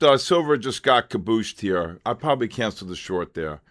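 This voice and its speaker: A man's voice: mid-range voice, sing-song, normal speed, hardly any pauses, fairly bright tone, slight background noise. A man in his sixties hosting a casual live trading stream, chatty and rambling, calling out to viewers by name. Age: 60s. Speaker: trading livestream host.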